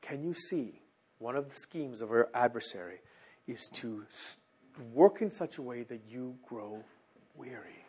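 A man preaching a sermon and leading prayer before a congregation in church. He exhorts earnestly, dropping to soft, near-murmured phrases and then rising again. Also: medium pitch, expressive, a little slow, husky.

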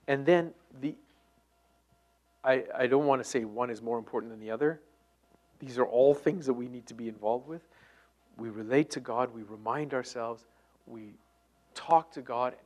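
A middle-aged man preaching a sermon, moving between loud emphatic lines and hushed near-whispers. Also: mid-range voice, normal speed. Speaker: pastor.

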